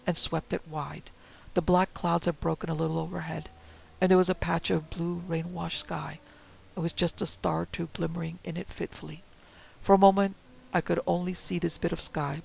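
A man reads a ghost story in a deeply gravelly, husky voice, pitched a little high for a man. His delivery is dramatic and hushed, slipping often into whispers. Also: rough recording. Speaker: narrator.

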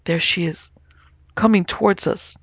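A man's voice: sits high, steady tone, unhurried, vocal fry, husky, no echo, lo-fi sound, full character voice. A man voicing a terrified young man who sees a ghost, in frantic, gasping, half-whispered cries, as a character in an audiobook.

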